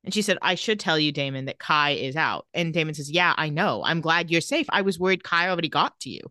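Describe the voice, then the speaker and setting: Recap co-host, woman, crisp bright tone, dry close sound, casual chat. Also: deep voice, no echo. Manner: retells scenes quickly, reading out dialogue in a flat voice. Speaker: podcast co-host.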